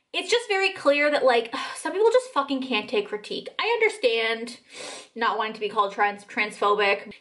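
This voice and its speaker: A woman's voice: a little high, fairly bright tone. A young adult woman giving a casual commentary vlog, blunt, swearing, with frequent "like" fillers. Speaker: commentary vlogger.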